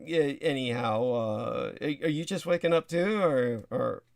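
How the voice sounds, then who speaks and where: A man's voice: mid-range voice, expressive, measured pace, creaky, crowd noise. A man hosting a casual livestream chat, rambling with lots of fillers and asides. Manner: rambling with many fillers and laughs. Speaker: livestream host.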